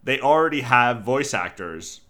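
A man co-hosting a casual group chat, talking in an animated, playful way. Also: medium pitch, unhurried. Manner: animated, playful, leads the bits.

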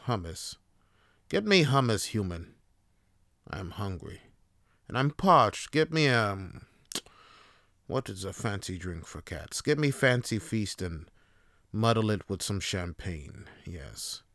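A man voicing a pampered, haughty cat who speaks to humans in a slow, condescending drawl. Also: low-pitched, creaky, a bit bright, dry recording, studio quality, voice pushed down, heavily acted.

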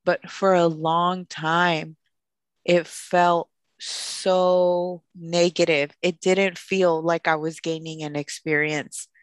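Candid woman in her late twenties, low-voiced. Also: level tone, takes it slowly, smooth, no room sound. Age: late 20s. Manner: emotional, candid, mixes Spanish phrases into English. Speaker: podcast co-host. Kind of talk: personal storytelling on a podcast.

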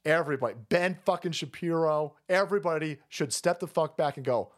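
A foul-mouthed man hosting a stream, mocking and ranting loudly as he stumbles over his words. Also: fairly high pitch, brisk. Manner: loud, mocking, foul-mouthed, restarts a lot. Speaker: streamer host. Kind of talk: profane political rant.

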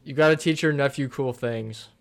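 A young man chatting casually on a podcast. His voice is medium-pitched and relaxed, and he drops crude jokes as he talks. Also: moderate pace, creaky. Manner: laid-back, joking, crude asides. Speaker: podcast co-host. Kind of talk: casual chat.

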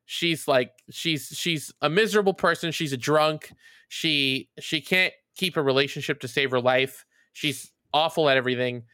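A man co-hosting a podcast rambles through a story, swearing freely and stopping often on fillers. His voice is bright and fairly high for a man, and the sound is close and dry. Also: moderate pace, clear, resonant tone, no room sound. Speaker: podcast co-host. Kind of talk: casual chat.

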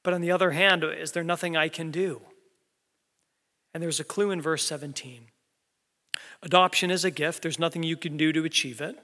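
Earnest preacher in a reverberant hall. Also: male voice, fairly even intonation, normal speed, long pauses. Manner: earnest, builds to emphatic peaks then drops soft and low. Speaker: pastor. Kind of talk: sermon.

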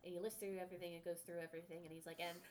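A woman's voice: on the low side, flat delivery, racing, a little mellow, slight background noise. A woman narrating as game master of a tabletop game, casual and profane, laughing often.

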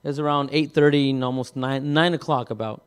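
A man preaching, telling a personal story in a halting way, with many repeated words and restarts. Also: mid-range voice, steady tone, smooth. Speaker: pastor. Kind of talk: sermon testimony.

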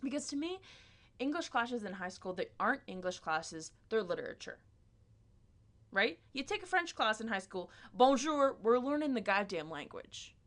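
A woman's voice: fairly high pitch, very animated, moderate pace, fairly bright tone. A woman delivering a rambling, self-deprecating comedic monologue, full of "like" and restarts.

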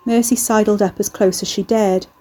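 A woman reading a novel aloud in steady scripted narration. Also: medium pitch, normal speed, low-quality recording. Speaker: audiobook narrator.

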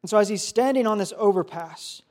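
A young man giving a youth sermon, telling a story in a casual, animated way full of fillers. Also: high voice, brisk. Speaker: youth pastor.

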